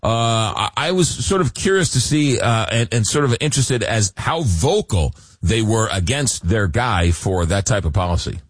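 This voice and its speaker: A man's voice: on the low side, normal speed, few pauses, no echo. A man hosting a radio talk show, joking and emphatic, often repeating words as he gets going. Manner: jokey, emphatic, repeats words when excited. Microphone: studio microphone.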